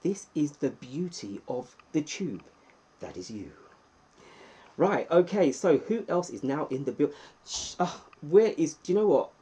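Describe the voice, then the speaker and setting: A man with an English accent hosting a casual live stream, reading the chat and giving playful shout-outs to viewers. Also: a little high, very animated, unhurried, breathy edge.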